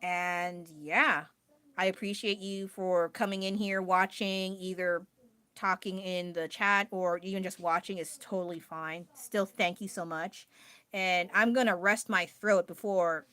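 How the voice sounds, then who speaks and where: A woman's voice: fairly low pitch, fairly even intonation, a little slow, fairly bright tone, clean tone, no room sound. A woman chatting casually on a livestream about her art, rambling and joking about herself. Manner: chatty, rambling, self-deprecating. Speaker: livestreaming artist. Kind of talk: casual chat. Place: home, indoors. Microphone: phone.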